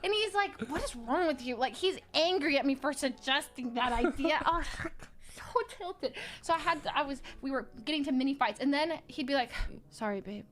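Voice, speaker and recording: A woman telling a funny story in casual chat, lively and laughing, acting out what people said. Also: high-pitched, moderate pace. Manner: lively, acts out quotes, laughing.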